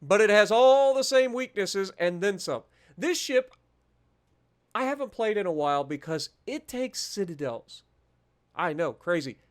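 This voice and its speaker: High-voiced chatty man hosting a gaming channel. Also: expressive, measured pace, clear, resonant tone. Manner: chatty, self-deprecating, many fillers and restarts. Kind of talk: casual gameplay commentary.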